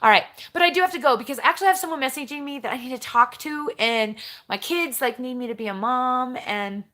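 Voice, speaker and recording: A woman with a bright, forceful voice chats on a live stream, rambling from one topic to the next. She reads viewer comments aloud and answers them directly. Her voice sits a little higher than most women's. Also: quick pace. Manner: chatty and rambling, jumps between topics, talks straight to viewers. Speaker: vlogger hosting a live stream.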